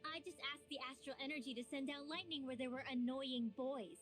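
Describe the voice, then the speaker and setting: A sharp-tongued young mage in a game, with a high, clear voice. She speaks in a dry, teasing, matter-of-fact way. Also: steady tone, brisk. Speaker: game character. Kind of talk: game dialogue acting. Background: game music.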